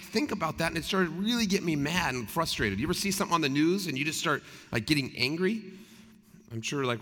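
A man's voice: a little high, fairly bright tone. A male pastor preaching a sermon, speaking earnestly and conversationally and asking his listeners rhetorical questions. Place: church sanctuary. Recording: long reverb of a large hall.

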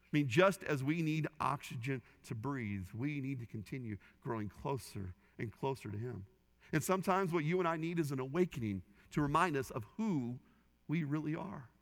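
A man's voice: medium pitch, lively intonation, moderate pace. A man preaching a sermon as a pastor, earnestly telling a story and quoting others with rising and falling intensity. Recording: long hall reverb.

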